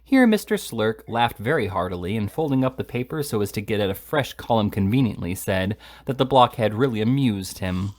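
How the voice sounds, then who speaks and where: A man reading a classic novel aloud at a steady pace, with occasional stumbles. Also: fairly low pitch, normal speed, hardly any pauses. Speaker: reader.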